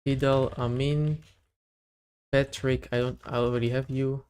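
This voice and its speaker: A man's voice: medium pitch, flat delivery, unhurried, darkish tone, clear, resonant tone. A young man on a casual live stream, chatting to his viewers and reading out their names one by one. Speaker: livestreamer running a giveaway.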